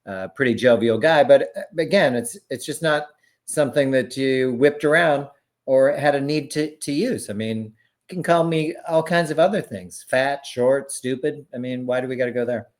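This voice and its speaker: A man's voice: medium pitch, moderate pace. A man in his forties, a podcast co-host, speaking in a laid-back, hesitant way in casual chat. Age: 40s.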